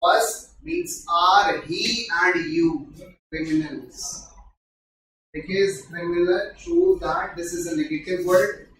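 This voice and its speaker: A man's voice: sits high, slow, fairly bright tone, slight background noise. A man with an Indian English accent teaching a live grammar class, explaining patiently and often quizzing his students. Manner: explains patiently, keeps asking students questions. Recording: echoey room, from far off.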